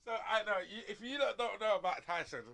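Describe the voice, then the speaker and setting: A man's voice: high voice, fast, gravelly, pushed and bright. A male radio sports show host, rambling in slangy studio banter and laughing often as he tells stories.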